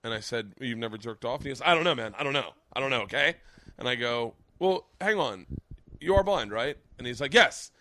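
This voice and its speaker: A man's voice: medium pitch, a little fast. A man hosting a podcast, telling stand-up stories in casual chat and acting out the people in them. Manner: animated, profane storyteller who acts out the people in his stories. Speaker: podcast host and comedian.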